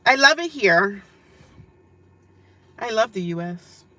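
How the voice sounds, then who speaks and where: A woman's voice: mid-range voice, lively intonation, takes it slowly, sharp tone, no echo. A woman live-streaming from her car, reading viewer comments aloud and scolding trolls in a blunt, sarcastic way. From United States. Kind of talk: casual live-stream chat.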